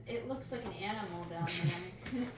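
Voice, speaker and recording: A woman's voice: medium pitch, normal speed. A woman at home during a haircut, emphatically retelling an argument at a public event. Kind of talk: casual storytelling chat. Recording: echoey room, distant voice, noisy background. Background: room ambience and electric clippers.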